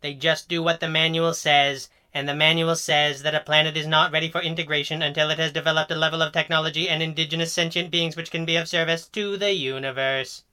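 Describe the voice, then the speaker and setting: A man's voice: on the high side, fairly even intonation, quick pace, few pauses, pushed and bright, clean tone, voice pushed up. A man voicing a small, dry, sardonic robot who sticks to the rules. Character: small grumpy rule-bound male robot on wheels.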